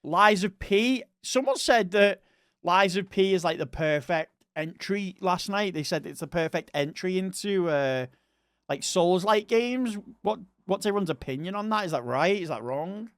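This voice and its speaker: Young East Scottish male streamer, rambling casual chat, smooth resonant voice. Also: sits high, animated, normal speed, a bit bright, no room sound, clean studio sound. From Scotland. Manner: chatty and rambling, talks to chat viewers.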